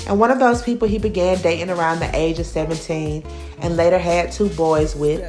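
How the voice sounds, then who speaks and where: A woman with a rather low voice reads a tribute narration at a slow, measured pace. Her tone is earnest and even, with soft music playing under her. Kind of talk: scripted narration.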